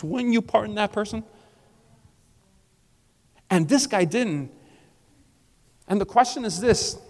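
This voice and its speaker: A pastor from South Florida preaching a sermon as a relaxed, conversational story. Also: male voice, high voice. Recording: long hall reverb.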